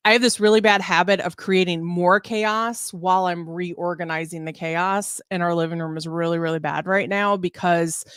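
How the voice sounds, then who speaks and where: A woman's voice: on the low side, steady tone, moderate pace, few pauses, fairly bright tone, smooth, dry recording, studio quality. Chatty, easily sidetracked woman co-host. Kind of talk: casual live-stream chat.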